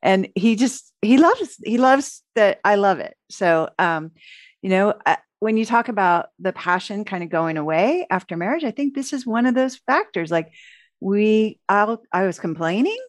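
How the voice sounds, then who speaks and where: A middle-aged woman, a relationship author, giving an interview and telling lively stories in which she acts out her own lines. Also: mid-range voice, normal speed, no echo, studio quality. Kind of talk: conversational interview storytelling.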